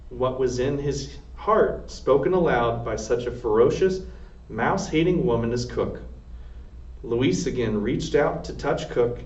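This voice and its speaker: A man reads a children's novel aloud in a steady, plain voice of middle pitch. The sound is roomy and echoing, picked up from some distance. The recording is dull and lo-fi. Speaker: storybook reader, air force sergeant.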